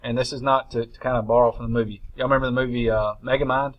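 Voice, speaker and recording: A male teacher lectures a class in a relaxed, chatty way, addressing the room. His voice sits at an ordinary middle pitch, and he talks through each step plainly. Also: fast, highs cut off. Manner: casual and conversational, says "y'all". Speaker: math teacher.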